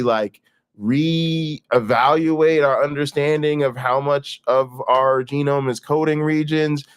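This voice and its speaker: A man's voice: medium pitch, smooth. A man hosting a casual commentary, blunt, profane and emphatic as he reacts to clips.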